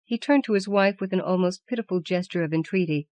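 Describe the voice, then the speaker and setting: Woman narrating a book in measured tones. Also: on the low side, no echo. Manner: measured, even storytelling. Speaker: audiobook narrator. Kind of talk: scripted narration.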